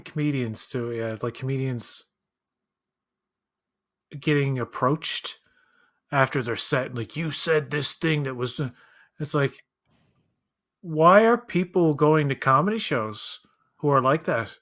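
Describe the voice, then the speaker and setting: Man, casual chat, rambling, mid-pitched voice, watch-along co-host. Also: slow pace, long pauses, a bit bright. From Canada. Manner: rambling, many restarts and fillers, acts out quoted voices.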